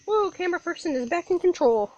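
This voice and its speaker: A high-pitched woman narrates casually to the camera and chats to a baby while filming. Her bright voice moves up and down a lot. She was recorded close and dry on a phone outside at night. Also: lively intonation, fast, dry recording, muffled recording. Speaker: vlogger filming. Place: backyard at night, outdoors.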